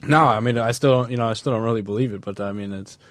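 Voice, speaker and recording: A man's voice: fast, dry recording. Hesitant man answering in an interview. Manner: hesitant, low-key answering. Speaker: guest, book author. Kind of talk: radio interview.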